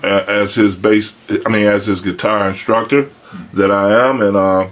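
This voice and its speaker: A man's voice: lowish voice, fairly even intonation, normal speed, a bit bright. A man hosting a casual chat in a basement, laid-back and chatty, laughing often. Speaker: host.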